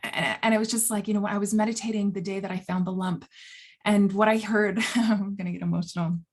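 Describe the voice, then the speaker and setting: A woman speaking as a holistic health coach in a casual, earnest vlog monologue, animated and blunt, often laughing between phrases. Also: mid-range voice, fairly quick. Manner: blunt, self-described swearer.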